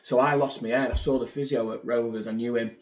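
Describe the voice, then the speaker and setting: A middle-aged man spins lively anecdotes in a relaxed chat, slipping into the voices of the people in his stories. His voice sits at an everyday pitch and rings in a roomy echo. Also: fast talker. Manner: animated anecdotes, acts out quotes. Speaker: guest, former footballer. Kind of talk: casual storytelling chat.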